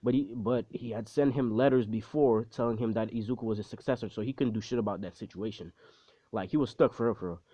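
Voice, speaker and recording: A man's voice: lowish voice, fast, warm tone. Young man rambling through a profane storytime. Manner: profane, rambling, self-deprecating slang. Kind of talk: casual storytime retelling. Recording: dull, dry close recording.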